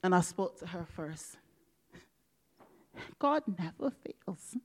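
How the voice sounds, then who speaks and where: A woman preaching a personal testimony, dramatic, moving from loud exclamations to hushed whispers and acting out dialogue. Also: lowish voice, animated, slow pace. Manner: acts out quoted dialogue with God.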